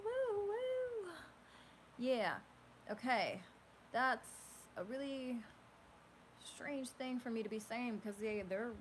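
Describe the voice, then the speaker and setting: A woman giving a casual tarot reading at home, rambling and animated, full of fillers. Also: a little high. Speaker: tarot reader. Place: home room with a fan running. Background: faint fan hum.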